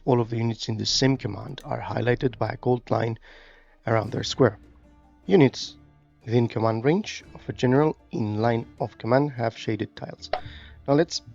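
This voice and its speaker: Casual gameplay narrator, male, gravelly, halting reads, muffled mic, soft music bed. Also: mid-range voice. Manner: reads tutorial text aloud then comments loosely, many fillers. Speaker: gaming YouTuber.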